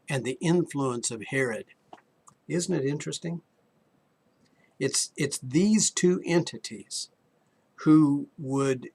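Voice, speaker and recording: A man giving a sermon in an earnest, questioning way, often repeating a word as he starts a sentence. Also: medium pitch. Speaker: preacher.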